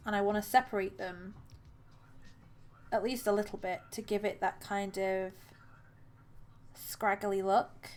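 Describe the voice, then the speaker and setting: A woman's voice: mid-range voice, fairly even intonation, measured pace, pauses often. A woman chatting casually and laughing often while crocheting on a live stream.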